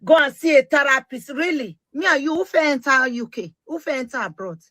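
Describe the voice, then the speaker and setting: A middle-aged woman with a Nigerian Pidgin English accent, speaking an impassioned monologue to her social media followers, forceful and emphatic and repeating her points. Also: high voice, a little fast, no echo.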